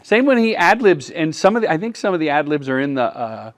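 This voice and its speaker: A middle-aged man, a commercial director, giving a live workshop talk as an animated storyteller. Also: fairly high pitch, a little fast. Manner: animated storyteller who acts out quotes.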